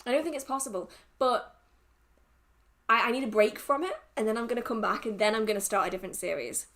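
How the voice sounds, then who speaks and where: A woman's voice: fairly high pitch, fast, a bit bright. A young woman hosting a livestream, chatting casually and rambling through viewer questions with restarts and laughter. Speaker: livestream host.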